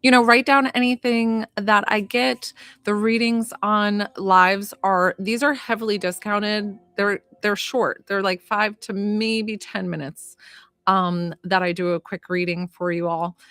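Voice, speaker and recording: A woman's voice: medium pitch, steady tone, unhurried, dry recording. A woman talking casually to viewers on a live stream as a psychic medium and healer, chatty and rambling with lots of fillers. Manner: chatty, warm-hearted, rambling with many fillers.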